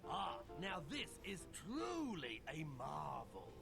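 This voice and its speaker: A gravelly old peddler. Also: male voice, huge pitch swings, slow pace, full character voice. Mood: grandly theatrical. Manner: grand, theatrical sales pitch. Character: showy old male traveling merchant, hawking trinkets. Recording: game audio with music behind.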